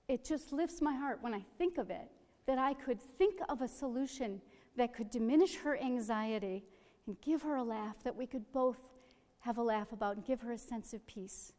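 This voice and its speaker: A middle-aged woman telling a personal story with gentle humor. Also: a little high, moderate pace. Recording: long hall reverb.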